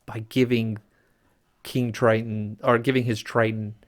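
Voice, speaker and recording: A man hosting a casual podcast chat, animated and quick to laugh, with frequent fillers. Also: lowish voice. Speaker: podcast host.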